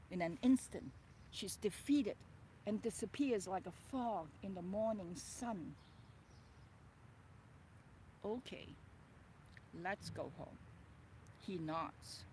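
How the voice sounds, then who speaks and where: A woman author reading her own memoir aloud, expressive and dramatic, breaking off for chatty asides. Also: medium pitch, takes it slowly, a little hiss or hum. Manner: expressive, swings between soft and loud, chatty asides.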